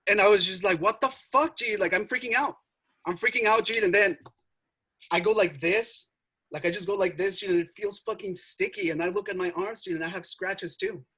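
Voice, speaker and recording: A young man telling a story in casual chat, animated, swearing and full of filler words. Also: sits high, brisk, husky, low-quality recording. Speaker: podcast co-host.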